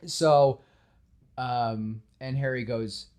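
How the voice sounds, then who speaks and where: A man hosting a podcast in casual chat, telling a story with lively acted-out scenes. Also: medium pitch, moderate pace. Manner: animated storytelling, acts out scenes. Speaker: podcast host.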